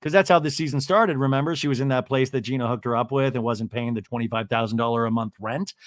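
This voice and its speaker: Recapping a TV episode on his podcast, this man talks fast in a medium pitch, keeping it casual, comedic and animated. He fills his chatter with "like" and plenty of asides. The recording is dry and studio quality.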